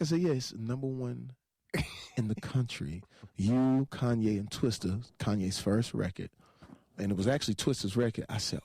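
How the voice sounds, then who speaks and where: A man telling an animated anecdote, laughing often and acting out other people's voices as he goes. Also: medium pitch, brisk, no room sound. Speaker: entertainer telling a story. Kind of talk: animated anecdote with acted-out quotes.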